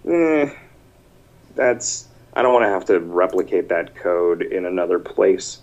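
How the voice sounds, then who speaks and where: A man's voice: low voice, animated, a little slow, a little mellow, lo-fi sound. A man hosting a podcast, chatting casually, rambling and restarting his sentences as he reads out listener messages. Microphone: computer mic over an online call.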